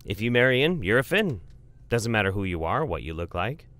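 A man's voice: on the low side, sing-song, fairly quick, fairly bright tone, no room sound. A man casually telling a comic family story, rambling and profane, with lots of fillers.

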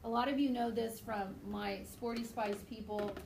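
A woman's voice: a little high, normal speed, echoey room, noisy background. A woman teaching a biology class, lecturing casually and acting out little voices and stories with frequent laughter. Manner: lively, acts out voices and laughs often. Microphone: tablet screencast mic.

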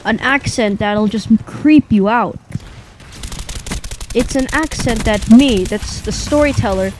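A young man telling a rambling, improvised comic story in a deadpan way, pausing often. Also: high voice, noisy background. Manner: rambling, deadpan, with long pauses.

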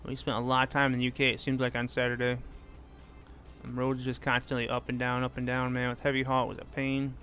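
Over soft background music, a gaming streamer plays a truck-driving game and casually reads his viewers' chat aloud, responding to them by name. Though laid-back, he speaks quickly in a monotone, and his mid-range voice sounds bright and forceful.

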